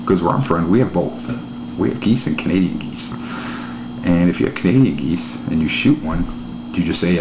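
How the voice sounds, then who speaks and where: A man's voice: sits low, lively intonation, a little fast. A man hosting his own vlog, rambling through mock-naive questions with dry jokes. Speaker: vlog host. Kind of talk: casual rambling monologue to camera. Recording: echoey room, dull lo-fi mic, faint hiss.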